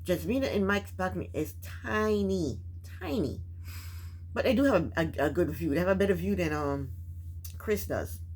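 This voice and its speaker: A woman hosting a casual reality TV recap, chatty and opinionated, often questioning the cast out loud. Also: on the low side, expressive, normal speed, slightly rough. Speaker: recap host.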